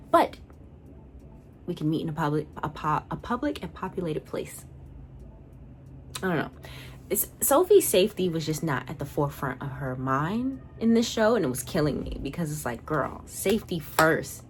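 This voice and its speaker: A young adult woman chatting casually as a video reviewer, animated and sassy in her asides. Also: low voice, slight background noise.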